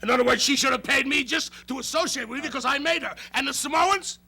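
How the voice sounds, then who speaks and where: A man's voice: extremely high pitch, fast talker, creaky, sharp tone. A man bragging and rambling as a guest on a comedic talk show. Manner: brash, boastful, rambling heckling. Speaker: wrestling manager guest.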